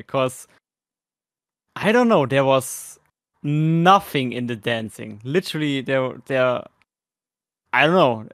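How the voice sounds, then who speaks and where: A man's voice: medium pitch, smooth, no room sound, clean studio sound. A man with a German accent co-hosting a podcast, chatting casually and hesitantly about performances, with many fillers and restarts. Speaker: podcast co-host. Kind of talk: casual chat reviewing performances.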